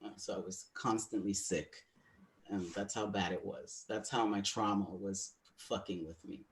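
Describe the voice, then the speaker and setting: Low-voiced man, frank and confiding. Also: fairly even intonation, moderate pace. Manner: frank, confiding, with frequent fillers. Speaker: webinar co-host. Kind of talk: candid personal storytelling.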